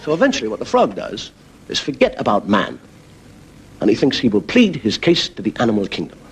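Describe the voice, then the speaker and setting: A male comedian telling a long joke in a leisurely, animated stand-up monologue. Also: mid-range voice, a little fast, slight background noise, poor audio.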